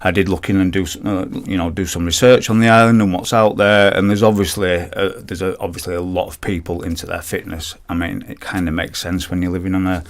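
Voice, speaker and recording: A man in his forties speaks with a Yorkshire accent and a fairly low voice. He answers radio interview questions in a loose, chatty way, often restarting his sentences and reaching for words with fillers. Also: level tone, a little fast, few pauses. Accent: Yorkshire English. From Yorkshire, England. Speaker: guest, personal trainer.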